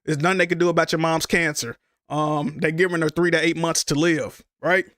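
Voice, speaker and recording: Casting note: young man, high voice, halting and emotional storyteller, dry close mic. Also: level tone, a bit bright, dry recording. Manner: emotional, halting retelling with repeated words. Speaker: streamer. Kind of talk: casual storytelling to stream viewers.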